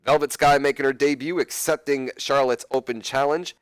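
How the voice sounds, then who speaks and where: A man's voice: medium pitch, steady tone, normal speed, smooth, no echo. A man hosting a let's play, giving rambling, casual gameplay commentary with self-correcting asides and jokes to his viewers.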